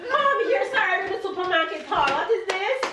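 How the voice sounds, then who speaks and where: A woman's voice: very high-pitched, fairly quick. A woman in her thirties with a Jamaican accent, playfully quizzing her children in a casual family vlog. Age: 30s. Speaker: mother and family vlogger. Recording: roomy, distant, noisy home recording.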